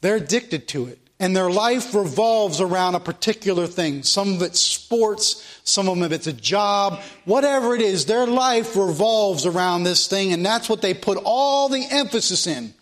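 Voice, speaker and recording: A man preaching a Sunday sermon in a high-pitched voice, stressing each point by saying it more than once. Between his own words he reads scripture aloud in the old King James phrasing. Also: expressive, moderate pace, few pauses. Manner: preaching with emphatic repetition, reading scripture aloud. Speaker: pastor.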